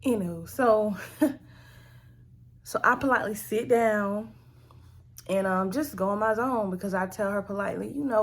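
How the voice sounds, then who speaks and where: A woman vlogger telling a family story in a slangy, animated, conversational way. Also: medium pitch, moderate pace, pauses often. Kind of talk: storytime vlog.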